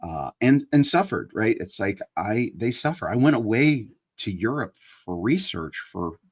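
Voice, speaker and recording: Husky guy in his 50s chatting live, earnest, gets preachy and emphatic. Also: on the low side, big pitch swings, measured pace. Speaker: online show host. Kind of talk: casual live chat with religious reflection.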